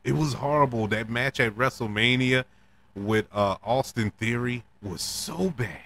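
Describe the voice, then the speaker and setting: A man's voice: mid-range voice, a little slow, a little hiss or hum. A man hosting a podcast, talking casually and emotionally about wrestling, laughing now and then. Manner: animated, emotional, laughs between words. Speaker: podcast host. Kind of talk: casual wrestling recap monologue.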